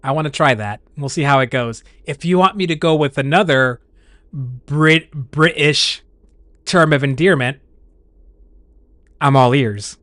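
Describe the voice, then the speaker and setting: A man with a slightly higher voice chats loosely with his stream viewers. He rambles, restarts his sentences and laughs at himself. His voice is recorded close and dry. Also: unhurried, pauses often, fairly bright tone, no room sound. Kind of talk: casual chat with stream viewers.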